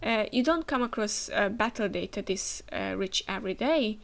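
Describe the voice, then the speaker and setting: A woman's voice: mid-range voice, lively intonation, normal speed, vocal fry, fairly bright tone. A woman hosting a manga reaction, chatting as she reads the panels aloud. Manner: chatty, with frequent fillers and restarts. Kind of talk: reading manga aloud with comments.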